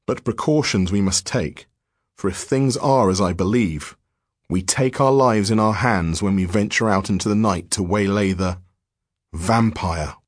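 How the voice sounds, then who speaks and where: Low, husky male storyteller. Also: no room sound, studio quality. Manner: measured, grave storytelling. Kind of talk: scripted narration of a diary-form horror story.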